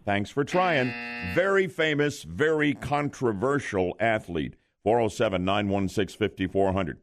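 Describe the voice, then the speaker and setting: A man's voice: fairly low pitch, measured pace. A male morning radio host running a call-in quiz game with jokey banter. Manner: jokey, lively delivery.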